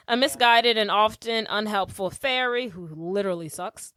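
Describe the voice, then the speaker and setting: A woman co-hosting a podcast, recapping a movie in casual, animated chat with quick asides and playful impressions. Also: medium pitch, no echo. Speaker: podcast co-host.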